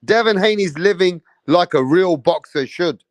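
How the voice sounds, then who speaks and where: A man hosting a boxing channel, chatting casually on a live stream, shouting out viewers in slangy, emphatic talk. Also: high-pitched, expressive, normal speed, no echo.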